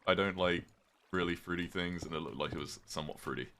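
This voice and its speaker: A British man casually chatting with his viewers on a livestream, reading chat aloud, swearing freely and reacting with sudden loud outbursts. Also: deep voice, fast. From Britain.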